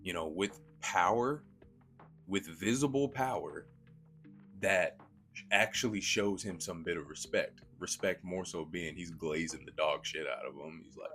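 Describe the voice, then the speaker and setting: A man giving a casual, slangy and profane film review, retelling scenes with animated energy. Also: sits low, unhurried, faint music behind.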